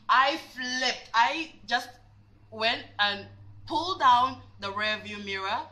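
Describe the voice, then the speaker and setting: A woman vlogger telling a personal story in a dramatic, animated way, cussing freely. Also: on the high side, unhurried, poor audio. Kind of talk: storytime vlog.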